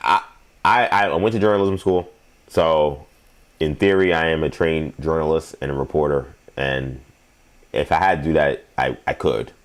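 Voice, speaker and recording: A man's voice: extremely low pitch, steady tone, unhurried, long pauses. A young adult man hosting a sports show, giving rambling, emphatic commentary and laughing at his own stories.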